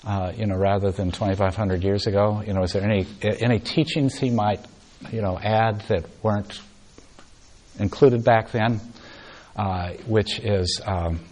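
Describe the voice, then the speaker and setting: A man giving a meditation retreat talk, telling a story in a soft, unhurried way. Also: low-pitched. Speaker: meditation teacher.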